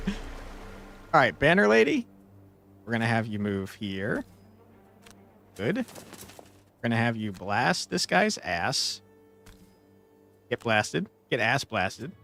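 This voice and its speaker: Gravelly young man narrating his gameplay. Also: medium pitch, a bit bright. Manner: playful, swears freely, mock outrage. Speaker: gaming streamer. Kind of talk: casual gameplay commentary. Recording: faint background game music.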